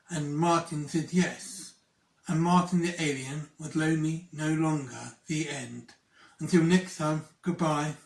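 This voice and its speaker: A man telling a children's story in a gentle, unhurried way with small restarts. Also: fairly high pitch. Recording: roomy echo, far from mic.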